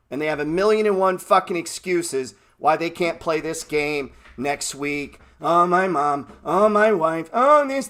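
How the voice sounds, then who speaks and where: A man's voice: a little high, a bit bright. Brash, profane man ranting. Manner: profane, brash and mocking, mimics excuse-makers. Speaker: stock trading channel host. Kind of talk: blunt motivational rant.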